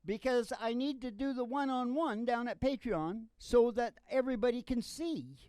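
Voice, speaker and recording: A man's voice: very high-pitched, moderate pace, a little mellow, smooth, dry recording, studio quality. A male podcast host who talks in a loose, wandering ramble. He chuckles as he goes and drifts from one thought to the next. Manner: meandering, chuckling, loose storytelling. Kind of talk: rambling casual chat.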